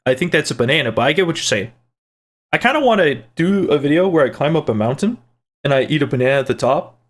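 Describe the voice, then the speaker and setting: A man hosting his own channel reads viewer comments aloud and answers them in casual chat. His voice is on the high side, expressive and fast. He's rambling and playful, with restarts and side jokes.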